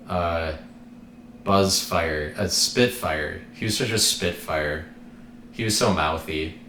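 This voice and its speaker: A man's voice: deep voice, sharp tone, echoey room, slight background noise. A man hosting his own podcast, talking alone in a rambling, joking, irreverent way and swearing now and then. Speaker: podcast host. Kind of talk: rambling solo podcast monologue.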